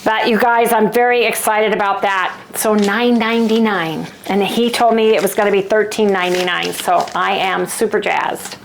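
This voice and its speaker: A middle-aged woman talks straight to her viewers in an upbeat, chatty vlog voice and keeps calling them "you guys". Her voice sits at an ordinary middle pitch. A faint hiss runs under the recording. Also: fairly even intonation, moderate pace, gravelly, hardly any pauses. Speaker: vlogger. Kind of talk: casual vlog chat. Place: at home, then in a restaurant.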